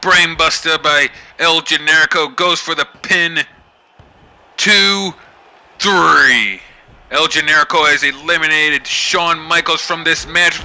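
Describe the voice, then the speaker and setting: A man doing excited play-by-play wrestling commentary as host of his channel, building up to shouts at the big moments. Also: on the high side, slow.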